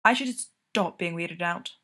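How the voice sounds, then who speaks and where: A woman reading a story, voicing an excitable young man, a hockey player, who exclaims and gets easily rattled. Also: lowish voice, measured pace, a little hiss or hum. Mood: awkward.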